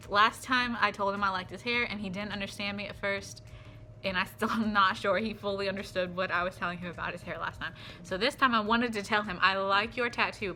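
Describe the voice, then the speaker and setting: A young woman with a bright, forceful voice chats casually to her camera like a fan who cannot contain herself. She gushes and repeats herself, then sinks into soft murmurs, with faint music playing underneath. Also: mid-range voice. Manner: gushing, excitable fan talk that drops to soft murmurs. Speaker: vlogger. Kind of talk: casual chat.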